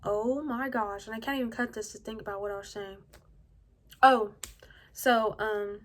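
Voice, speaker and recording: Woman vlogging from home, soft and hushed, rambly casual storytelling, says like a lot. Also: medium pitch, steady tone, normal speed. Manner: soft-spoken, rambling, heavy use of "like"; often drops to a hushed, quiet delivery. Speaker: vlogger telling her own story.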